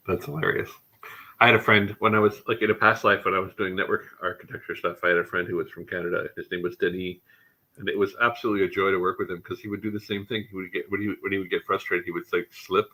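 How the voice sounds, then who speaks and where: A man hosts a casual tech livestream, his voice bright and forward with a husky edge that sits a little low. He talks with real enthusiasm and drifts into rambling asides. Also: little pitch movement, quick pace, rough recording. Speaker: show host.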